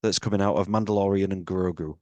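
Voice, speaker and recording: A man's voice: low-pitched, steady tone, fast, dark tone, no echo. A man co-hosting a film podcast, blunt and questioning in casual chat.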